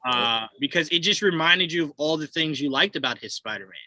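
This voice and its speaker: Bright, animated man reviewing a film. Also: brisk, no room sound, rough recording. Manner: animated, acts out characters' lines with pitch jumps. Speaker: podcast co-host. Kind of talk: casual film review chat.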